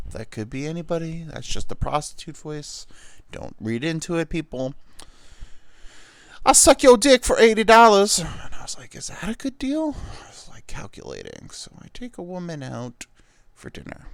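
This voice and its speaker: A man's voice: medium pitch, gravelly, no echo. A man hosting a comedy podcast, riffing in a rambling, profane monologue full of filler words.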